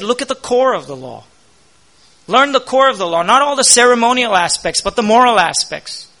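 A man's voice: high-pitched, pushed and bright. A man preaching a sermon, asking the congregation questions and answering them himself, with emphatic rises on key points.

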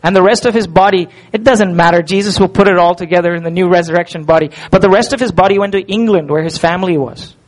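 A male pastor delivering a sermon, animated and full of rhetorical questions. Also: sits high, fast talker, hardly any pauses, rough recording.

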